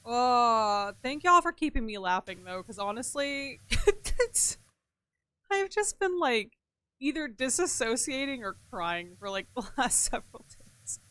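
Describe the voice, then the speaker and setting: Bright-voiced woman streamer chatting with chat. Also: fairly high pitch, a little slow, dry recording. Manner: animated, laughing, swings between loud outbursts and mumbled asides; reads chat messages aloud. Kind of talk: casual chat with stream chat while gaming.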